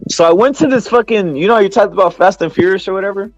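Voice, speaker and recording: A man's voice: sits high, fast, no echo, muffled recording, faint music behind. Rambling profane podcast man. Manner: profane, rambling storytelling with frequent laughs. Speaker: podcast host. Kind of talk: casual podcast chat.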